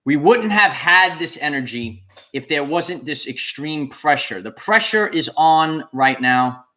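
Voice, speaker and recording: A man speaks straight to his livestream audience, his voice sitting a little higher than most men's. He repeats his key phrases over and over with a preacher's earnest emphasis. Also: lively intonation, measured pace, bright, forceful tone. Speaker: channel host. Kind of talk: livestream talk to viewers.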